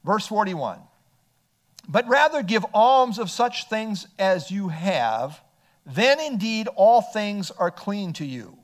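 A male pastor delivers an earnest expository sermon, reading verses aloud and then unpacking them. His voice sits high for a man. His pitch rises and falls freely as he preaches.

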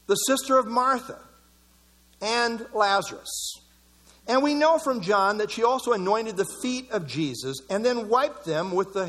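A man preaching an expository sermon, reading scripture and quotes aloud and adding animated, chuckling asides. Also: sits high.

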